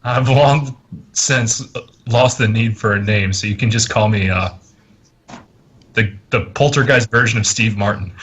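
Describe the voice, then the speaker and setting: A man voicing a headless male poltergeist specter in a tabletop game, speaking slowly and deadpan. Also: fairly low pitch.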